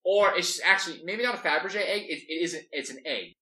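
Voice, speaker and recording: A man's voice: on the high side, fast talker, sharp tone. A man talking through a story plan casually, rambling and filling gaps with "like". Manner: rambling, full of "like". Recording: echoey room, mic at a distance.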